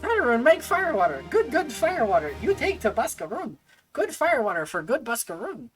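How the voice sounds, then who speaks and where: A woman puts on a high, bouncy gremlin voice for a little video game shopkeeper who speaks in broken caveman-style phrases and refers to himself in third person. The pitch leaps up and down eagerly, and faint music plays behind. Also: big pitch swings, normal speed, rough recording. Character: small gremlin-like shopkeeper brewing firewater, grateful and simple.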